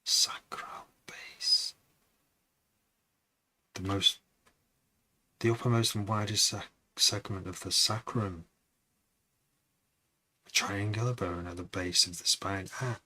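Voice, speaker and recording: A man's voice: lowish voice, fairly even intonation, a little slow, long pauses, bright, forceful tone. A man producing music on a live stream, chatting to viewers in a rambling, casual way.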